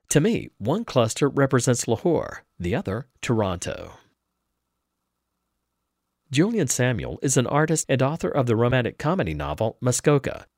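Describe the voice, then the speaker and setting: A man reading a first-person essay aloud as a podcast reader, in a measured, expressive delivery. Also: mid-range voice, dry recording, clean studio sound.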